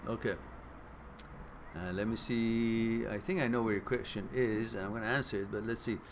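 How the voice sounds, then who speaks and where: With a steady tone, a fairly low pitch and a moderate pace, a man answers his viewers' questions during a laid-back live stream, some background noise audible. He laughs frequently, pokes fun at viewers and thinks aloud, full of fillers and restarts.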